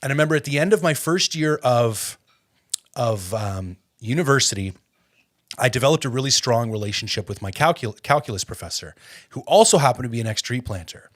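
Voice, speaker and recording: A male podcast host with a middle-pitched voice tells a personal story in loose, conversational talk. He gets fired up as he goes, leaning on filler words. It sounds like a studio mic. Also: animated, fairly quick.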